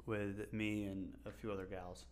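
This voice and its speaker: A man's voice: fairly low pitch, level tone, moderate pace, darkish tone. Man, 20s, podcast co-host, casual chat, joking, swears freely, laughs often.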